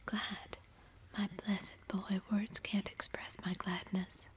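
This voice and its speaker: A woman voicing a spirited, blunt young writer as a whispered role-play, in an even hush. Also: medium pitch, takes it slowly, close to an everyday voice. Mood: teasing. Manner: whispered, exclaiming.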